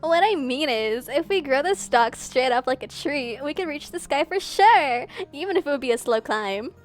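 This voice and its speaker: A woman's voice: high voice, expressive, moderate pace, faint music behind. A woman voicing a bubbly, upbeat Valley Girl character in a sing-song manner while streaming a game. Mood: earnest.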